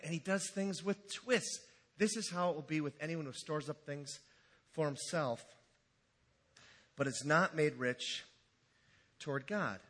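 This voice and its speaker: Male preacher, high husky voice, lively and joking, bright tone. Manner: animated, jokey, acts out quotes. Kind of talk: humorous sermon.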